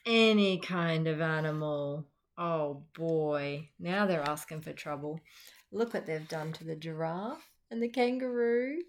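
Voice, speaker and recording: Australian woman, middle-aged teacher, slow careful pace, low-ish voice, children's storytime read-aloud. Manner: lively, chatty asides to young listeners. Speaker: teacher reading picture books aloud.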